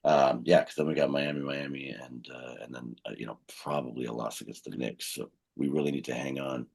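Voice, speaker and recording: A man's voice: fairly even intonation, a little fast, a little mellow. A man co-hosting a casual fan podcast, rambling with fillers and self-corrections. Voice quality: very deep gravelly husky voice. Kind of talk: casual sports chat.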